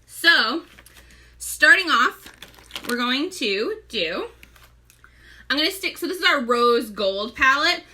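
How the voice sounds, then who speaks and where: A woman's voice: high-pitched, big pitch swings, slow pace, long pauses, bright, forceful tone, slight background noise. A young pregnant woman hosting a casual live makeup tutorial, chatty, greeting viewers by name and often short of breath. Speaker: makeup seller and live-stream host.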